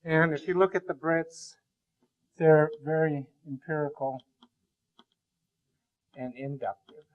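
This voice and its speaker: A male university lecturer giving a classroom lecture, rambling and joking with many halting restarts. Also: a little high, steady tone, dull audio.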